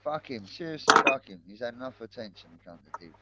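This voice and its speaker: A caller who swears bluntly in quick, bright speech. The sound is dull and lo-fi, like a video call. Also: medium pitch, lively intonation. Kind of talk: casual live-stream chat.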